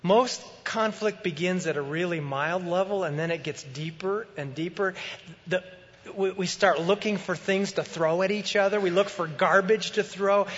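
A man preaching a sermon as pastor, in a conversational, animated way. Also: sits high, moderate pace, in a large hall, highs cut off.

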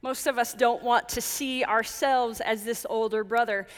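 Woman pastor, higher voice, earnest measured sermon delivery, church hall reverb. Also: fairly even intonation. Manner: earnest, measured, with emphatic repetition.

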